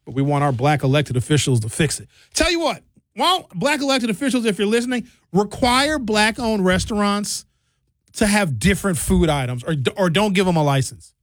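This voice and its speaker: A man's voice: high voice, very animated, normal speed, no echo, clean studio sound. A man hosting a radio talk show, ranting comically with put-on mocking voices. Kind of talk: casual radio monologue.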